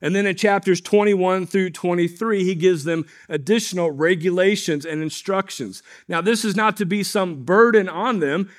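A man's voice: high-pitched, moderate pace, hardly any pauses. A male pastor preaching a sermon to his congregation in a conversational, storytelling manner.

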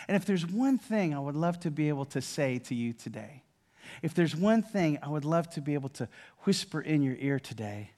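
Preaching in a fairly high voice, an older pastor keeps his sermon conversational, with frequent restarts and repeated words. Key lines come out hushed, while other moments rise loud and animated.

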